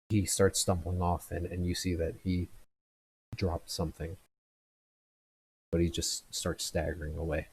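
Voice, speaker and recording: A man with a very deep, husky voice narrates a tabletop game as game master. He hesitates often and fills the gaps with ums and uhs, then picks up the scene again. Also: flat delivery, measured pace, long pauses, a little mellow, rough recording. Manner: hesitant, filler-heavy narration.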